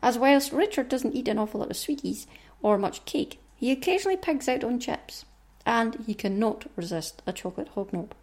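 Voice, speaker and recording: A woman's voice: fairly high pitch, expressive, normal speed, a little mellow. A woman hosting a podcast, chatting casually and self-mockingly to her listeners. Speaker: podcast host.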